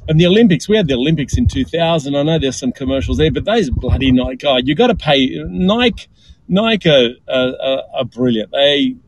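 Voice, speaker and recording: A man's voice: mid-range voice, expressive, moderate pace, a little hiss or hum, poor audio. A man with an Australian accent, talking enthusiastically in a casual podcast chat and often repeating words.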